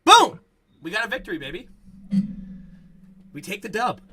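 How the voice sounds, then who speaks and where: A man hosting a post-game sports talk show, excitable and sarcastic as he rattles off game stats. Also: high-pitched, normal speed, slight background noise.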